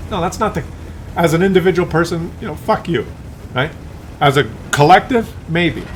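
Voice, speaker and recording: A man's voice: a little high, lively intonation, normal speed, a little hiss or hum. A man ranting in a rambling, profane monologue, full of fillers and restarts. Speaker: streamer.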